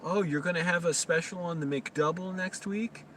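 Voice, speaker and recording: Brief: man doing a high, gushing, gossipy register customer, nosy chatterbox, voice a bit off-mic. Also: normal speed, a bit bright, distant mic, a little hiss or hum. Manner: gushing, gossipy small talk.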